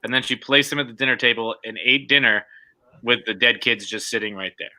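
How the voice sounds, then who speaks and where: Male co-host, piercingly bright tone, explaining the plot. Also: medium pitch, a little fast, poor audio. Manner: explains the plot, asks follow-up questions. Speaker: stream co-host. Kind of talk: casual chat.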